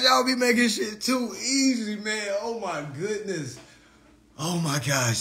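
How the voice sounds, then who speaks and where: A man hosting a comedic roast livestream, talking in an animated, profane way and laughing often. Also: high voice, slow pace, slight background noise. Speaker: livestream host.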